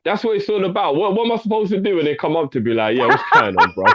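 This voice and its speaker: A man's voice: high voice, sing-song, rapid-fire, heavy background noise. A man, co-hosting a casual fan chat, laughing often and talking in slang. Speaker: podcast co-host. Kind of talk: casual banter. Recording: dull lo-fi sound, dry.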